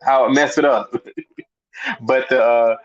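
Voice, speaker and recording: A man hosting a casual spiritual talk, halting and often repeating his words as he explains and reads aloud. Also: mid-range voice, steady tone. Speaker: host. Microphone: headphones and mic. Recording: muffled lo-fi sound.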